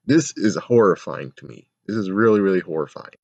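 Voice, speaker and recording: Low-voiced man ranting in a review. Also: lively intonation, normal speed, creaky, a little mellow, no echo, lo-fi sound. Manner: rambling, exasperated, swears a lot. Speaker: show reviewer. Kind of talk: casual video review rant.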